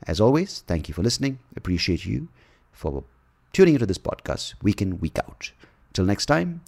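Brief: man from India, deep voice, rambling podcast host, crude and jokey. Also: very animated, normal speed, creaky, darkish tone. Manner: rambling, crude jokes, frequent swearing and laughter. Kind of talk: casual podcast chat.

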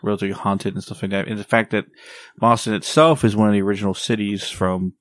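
A man's voice: lowish voice, fairly even intonation, fast, no echo. A man in his thirties co-hosting a casual podcast, laid-back and rambling, swearing now and then. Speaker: podcast co-host. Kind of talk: casual chat.

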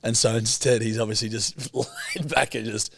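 A man's voice: medium pitch, flat delivery, moderate pace, vocal fry, a bit bright, slightly rough, no room sound, studio quality. A man co-hosting a comedy podcast, bantering with lots of laughs and swearing. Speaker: podcast co-host. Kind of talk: casual comedy chat.

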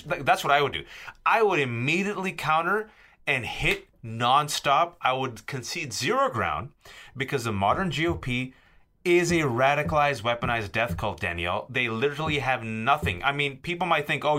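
Male podcast guest host, combative and emphatic, animated bright delivery. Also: fairly high pitch. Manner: combative, rhetorical questions, emphatic. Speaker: guest host, political columnist. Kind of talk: heated political podcast discussion.

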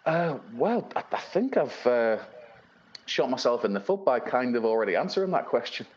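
A man's voice: mid-range voice, very animated, normal speed, breathy edge, dull audio. A man from England, a blues-rock musician, chatting casually in an interview and rambling with many fillers and restarts. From Northeast England.

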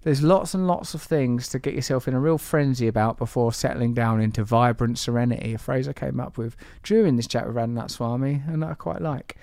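A man's voice: mid-range voice, fairly quick, creaky, few pauses, a little mellow, dry recording. A man hosting a podcast, teasing and rambling through asides between introductions. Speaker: podcast host. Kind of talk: playful podcast intro and banter.

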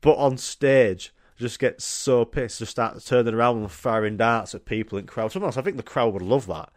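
An excitable young man hosts a comedy podcast, swearing freely and laughing at his own jokes. His voice sits at an everyday middle pitch. The sound is close and dry, with no room around it. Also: moderate pace, no echo. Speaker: podcast host. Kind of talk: casual comedic monologue.

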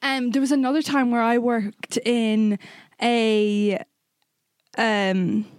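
A woman's voice: fairly high pitch, fairly even intonation, takes it slowly, smooth, dry recording. A young woman co-hosting a podcast, telling chatty anecdotes in casual talk and laughing often. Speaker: podcast co-host. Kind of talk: casual chat.

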